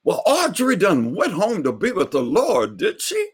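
A man voicing an older male churchgoer, exuberant and preachy, shouting praise to God. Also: high-pitched, wildly swooping pitch, measured pace, husky, voice pushed up, exaggerated voice. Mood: ecstatic.

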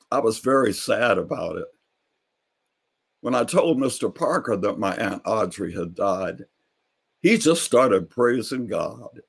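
A man telling a personal story, slow and earnest, with a husky grain in his voice. His pitch moves a lot, rising and falling as he recounts it. He sounds reflective throughout. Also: lively intonation.

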